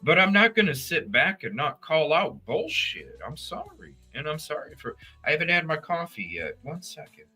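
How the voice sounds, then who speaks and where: A middle-aged man hosts a casual true crime livestream. He greets his chat by name and rambles in a profane, animated way. His voice is very bright and forceful, with faint music under it. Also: fairly high pitch, normal speed, hardly any pauses, slightly rough. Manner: animated, profane, talks straight to chat viewers.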